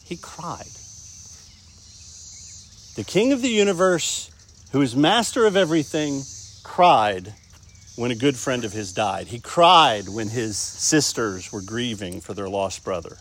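A man's voice: mid-range voice, lively intonation, measured pace, fairly bright tone, a little hiss or hum. A man preaching a sermon, talking conversationally and often asking the congregation questions. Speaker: pastor.

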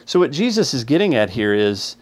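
A man's voice: mid-range voice, sing-song, fairly quick. A man reading a scripture passage aloud, then teaching on it verse by verse in an earnest, explanatory way, raising his voice to stress key points. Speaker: Bible teacher.

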